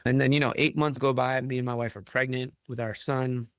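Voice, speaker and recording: A man in his thirties from Chicago, a chef telling stories in a casual chat, animated and swearing freely. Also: medium pitch, fairly quick. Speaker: chef and podcast guest.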